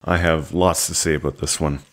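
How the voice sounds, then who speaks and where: A man with a very deep, low voice, talking casually on a podcast. He explains his view earnestly and readily agrees with his co-host. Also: little pitch movement, moderate pace. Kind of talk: casual discussion.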